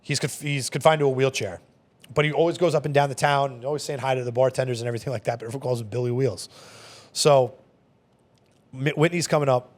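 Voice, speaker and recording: Fast-talking man telling bar stories. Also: medium pitch. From Long Island, New York. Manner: rapid, animated storyteller, many fillers. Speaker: bar manager. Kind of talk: casual storytelling interview. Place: podcast studio.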